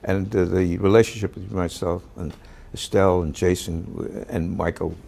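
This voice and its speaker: An older man, an actor, telling a story about a past role in a halting way, full of fillers and restarts, now and then shouting out the lines he quotes. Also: low voice, steady tone, vocal fry. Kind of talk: anecdotal storytelling.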